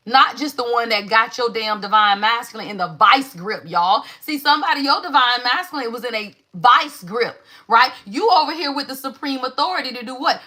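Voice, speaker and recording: A woman with a high-pitched, pushed and bright voice gives a live tarot reading. She speaks emphatically and preachily in a call-and-response style, swearing freely.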